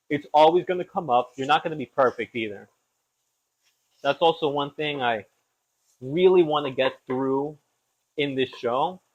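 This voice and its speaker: A young man hosting a podcast, chatting casually and rambling with self-deprecating asides while he cooks in a home kitchen. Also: mid-range voice. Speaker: podcast host. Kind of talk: casual chat while cooking. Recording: slightly dull lo-fi audio.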